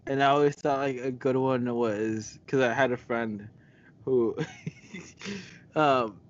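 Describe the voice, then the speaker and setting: A man's voice: mid-range voice, slow. Laughing young man, muffled casual chat. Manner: laughs often, chatty with many fillers. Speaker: podcast co-host.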